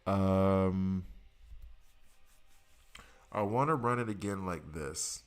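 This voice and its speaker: A man's voice: low voice, drawn-out words, clear, resonant tone. A man in his thirties streaming a mobile game, chatting casually and joking with his chat. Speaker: gaming streamer. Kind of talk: casual live-stream commentary.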